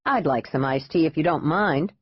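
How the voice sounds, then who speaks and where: A man's voice: a little high, moderate pace, husky, no echo. A woman reading an audiobook, voicing a persistent male private investigator who speaks in polite, clipped, probing lines. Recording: dull dry lo-fi audiobook.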